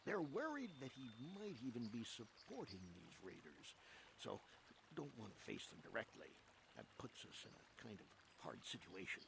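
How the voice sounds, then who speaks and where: An actor playing a chatty, helpful middle-aged farmer settler in a video game, with a folksy, rustic way of talking. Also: male voice, on the low side, very animated, moderate pace, vocal fry. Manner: folksy, rustic, plain-spoken. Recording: game audio with background noise.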